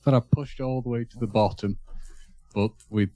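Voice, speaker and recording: A man appearing as a guest judge on a podcast, speaking in a deadpan, mock-serious way. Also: medium pitch, normal speed, low-quality recording. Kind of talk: casual chat.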